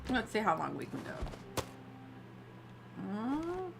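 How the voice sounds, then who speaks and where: A woman's voice: fairly high pitch, huge pitch swings, takes it slowly, creaky, noisy background. A woman streaming a cozy game, chatting casually, thinking aloud and giggling as she plays. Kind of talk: casual gameplay commentary.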